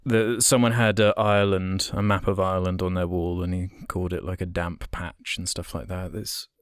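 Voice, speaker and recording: A man co-hosting a podcast weighs his thoughts on a film slowly, often pausing on fillers. His voice is very deep and the recording is dry and close. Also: level tone, smooth, no room sound. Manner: measured, hesitant, many fillers. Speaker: podcast co-host. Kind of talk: casual film discussion.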